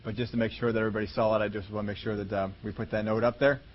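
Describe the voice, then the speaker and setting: A man preaching a conversational Bible-teaching sermon, slowing down and stretching key words for emphasis. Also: lowish voice, flat delivery, lo-fi sound. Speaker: pastor.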